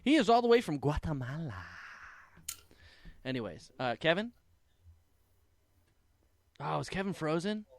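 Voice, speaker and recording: A man with a somewhat high voice runs a raunchy comedy game show over a video call. He laughs a lot and stumbles over his words. A faint hiss sits behind him. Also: sing-song, a little slow, creaky, long pauses. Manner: laughing, stammering restarts. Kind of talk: crude comedy podcast banter. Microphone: online video call.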